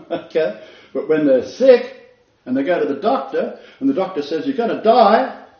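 Preacher with a roomy, dull sound. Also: male voice, fairly high pitch, very animated, normal speed. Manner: dramatic storytelling, repeats phrases for emphasis. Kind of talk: sermon.

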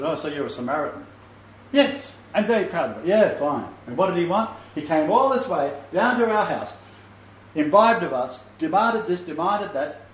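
A man's voice: medium pitch, slight background noise. An older man teaching a Bible lesson, rambling in a chatty storytelling way with many fillers. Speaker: teacher of a Messianic Bible study. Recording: echoey, slightly dull room recording with faint ambience.

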